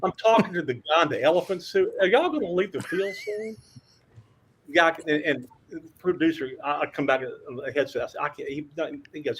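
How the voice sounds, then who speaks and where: An older man telling lively sports anecdotes as a podcast guest, acting out quotes and stammering through restarts. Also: on the high side, a little fast, a little hiss or hum. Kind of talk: storytelling in a podcast interview.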